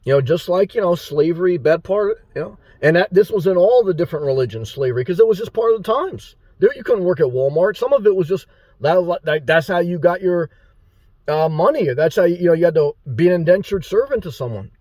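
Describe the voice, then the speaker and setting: A man's voice: sits high, animated, a little fast, dark tone, no room sound. A man giving a rambling, blunt and profane monologue to his viewers as a motivational YouTuber.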